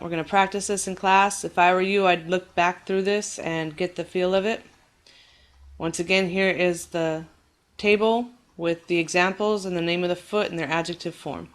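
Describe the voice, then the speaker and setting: A woman's voice: lowish voice, fairly bright tone, slight background noise. Patient woman teaching a lecture. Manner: patient, clear explanations, reassuring; exaggerates stress when demonstrating rhythm. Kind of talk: recorded classroom lecture.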